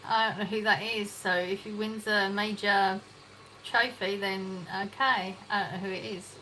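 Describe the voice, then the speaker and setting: A woman's voice: mid-range voice, steady tone, unhurried, sharp tone, slight background noise, low-quality recording. A woman with an English accent hosting a casual livestream from her kitchen, reading chat comments aloud and laughing often. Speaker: livestream host. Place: home kitchen.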